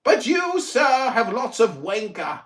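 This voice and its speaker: A man's voice: very high-pitched, sing-song, slow, fairly bright tone, reverberant, heavily acted. A man putting on a mock English accent, playing a pompous, indignant ranter who swears theatrically in a comic roast. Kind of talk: comic roast in an audio chat room.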